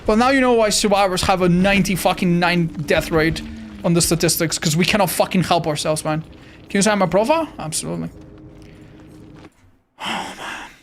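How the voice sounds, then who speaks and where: A man streaming live gameplay, commenting excitably, swearing often and talking to his chat. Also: high-pitched, a little fast, a little hiss or hum. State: tired.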